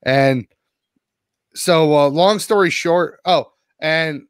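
A man co-hosting a podcast, telling a long rambling story full of swearing. He is sore and worn out after a rough day. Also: a little high, slow, no echo, studio quality. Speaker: podcast co-host. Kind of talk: casual podcast chat.

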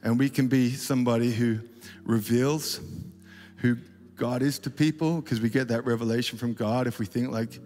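Male conference speaker, chatty and self-deprecating, mid pitch, on a reverberant auditorium stage. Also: steady tone, moderate pace, a little mellow, faint music behind. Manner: rambling, self-deprecating, many fillers and restarts. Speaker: worship leader speaking at a conference. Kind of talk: casual conference talk with storytelling. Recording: reverberant hall, faint ambience.

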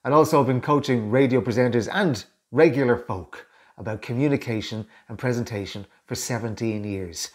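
This Irish man has a medium-pitched voice and speaks at a moderate pace. He's a communication coach offering tips straight to camera, chatting casually and playing both parties in ordinary small-talk exchanges.

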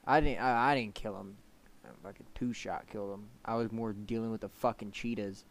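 Young guy streaming a game, kinda low voice, swears a lot, exasperated with his buddy. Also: little pitch movement, a little fast, vocal fry. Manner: profane, exasperated banter addressing chat. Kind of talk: casual gameplay chat.

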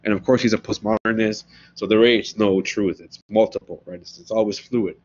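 A man lecturing on philosophy in a relaxed, conversational manner, often pausing to ask his listeners "right?". His voice sits low and has a husky edge. The recording is dull and lo-fi.

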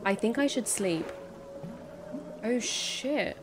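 A woman's voice: on the high side, lively intonation, slow, over music. A woman streaming a spooky fishing game, reacting nervously and talking herself through each scare. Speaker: gaming streamer. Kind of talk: let's play commentary.

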